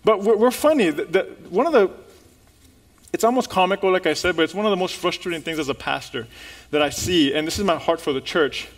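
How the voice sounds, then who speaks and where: Male pastor, high-pitched, animated preacher who laughs along with his congregation. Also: brisk. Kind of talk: sermon.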